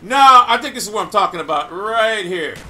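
A loud, hyper man giving boastful, trash-talking commentary over his gameplay. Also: high voice, animated, fairly quick. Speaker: gamer.

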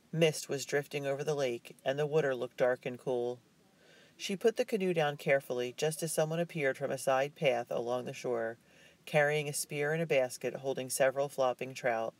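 A male audiobook narrator reading a chapter book at a measured, even pace. His delivery is calm and steady, built for storytelling. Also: medium pitch.

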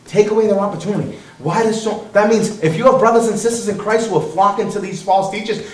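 A male pastor preaching a sermon, animated and quick to act out the voices of other people. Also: high-pitched, roomy sound, distant mic, poor audio.

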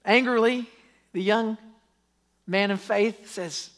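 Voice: mid-range voice, a little slow, pauses often, a bit bright. A pastor preaching a sermon, telling stories with acted-out quotes and asking the congregation pleading questions.

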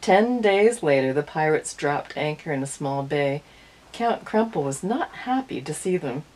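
Woman storyteller for kids, husky, expressive, lively pitch. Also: unhurried, low-quality recording. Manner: expressive read-aloud. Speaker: early-years storyteller. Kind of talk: reading a picture book aloud to children.

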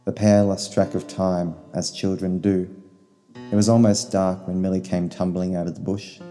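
Man narrating a story, solemn, low dark voice, long reverb, faint guitar. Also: flat delivery. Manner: slow, solemn reading. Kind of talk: scripted narration.

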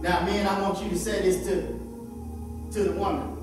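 A man with a Southern US accent preaching a call-and-response sermon as pastor, exhorting in rhythmic, drawn-out phrases. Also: high-pitched, little pitch movement, over loud music. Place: church sanctuary. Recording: echoey church hall from far off with congregation.

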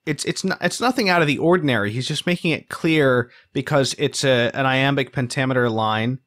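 A man's voice: mid-range voice, a little fast, a bit bright. A man hosting a podcast, talking hesitantly and searching for words with many fillers. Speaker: podcast host. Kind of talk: podcast conversation.

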